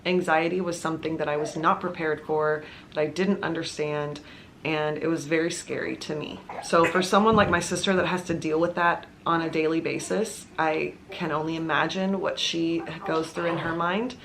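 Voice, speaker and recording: A woman speaking in a somewhat low voice, telling her personal story to camera from home. She sounds earnest and confiding, as if talking with a friend. There is a faint hum of noise behind her. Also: fairly even intonation, normal speed, fairly bright tone. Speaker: mom vlogger telling her own story. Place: at home with her baby nearby.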